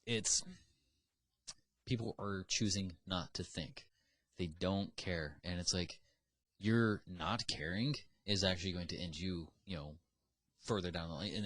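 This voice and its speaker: A man's voice: deep voice, a bit bright, dry recording. A man co-hosting a casual podcast, opinionated and ranting, swearing freely as he argues his point. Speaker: podcast co-host. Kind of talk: casual chat.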